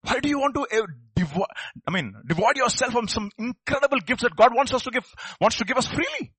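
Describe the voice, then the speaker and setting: A man's voice: very high-pitched, animated, fairly quick, fairly bright tone, breathy edge, no room sound. A man preaching a sermon, asking his listeners rhetorical questions. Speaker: pastor.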